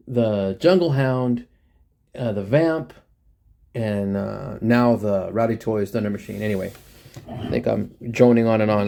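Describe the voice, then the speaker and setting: A man from the United States hosting a casual, rambling toy review chat, full of slang and quick laughs. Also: mid-range voice, vocal fry, dark tone. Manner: rambling, laughs often, many fillers, slangy.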